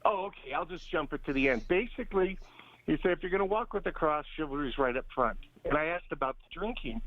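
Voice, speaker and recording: A man calling in to a radio show, telling a rambling personal story with halting restarts. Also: a little high, lively intonation. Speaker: caller. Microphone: telephone. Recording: phone line.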